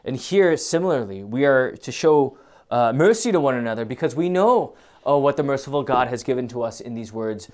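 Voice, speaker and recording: This male preacher swings between forceful, loud emphasis and quiet, hesitant musing with lots of fillers. His mid-range voice is expressive and his pace a little fast.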